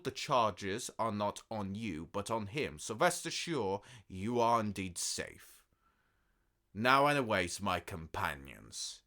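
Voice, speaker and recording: A man's voice: mid-range voice, sharp tone, full character voice. A man playing a proud, theatrical emperor in a fan audio drama, speaking in a pompous, sarcastic way.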